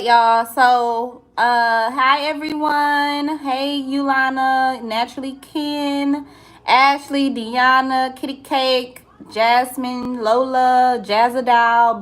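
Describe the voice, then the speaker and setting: A woman's voice: high-pitched, fairly bright tone. A woman chatting casually on a livestream, greeting viewers by name and calling them y'all. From St. Louis. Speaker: livestream host and entrepreneur.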